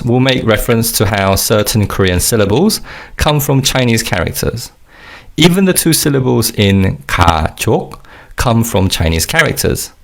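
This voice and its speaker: A man's voice: lowish voice, gravelly. A man teaching a recorded language lesson, explaining words patiently and leading repeat-after-me drills.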